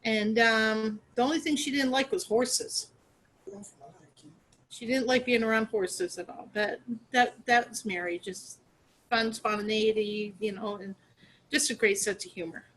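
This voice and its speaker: A middle-aged woman speaks as an interview guest. She talks earnestly and haltingly, often restarting with fillers. Her voice sits a little on the high side. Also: fairly even intonation, fairly bright tone, low-quality recording. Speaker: guest, sister of a murder victim.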